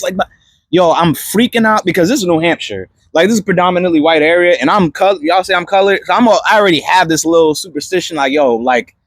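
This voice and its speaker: A young man casually telling a personal testimony story in an animated, slangy way, full of fillers and restarts. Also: a little high, a little fast, no echo.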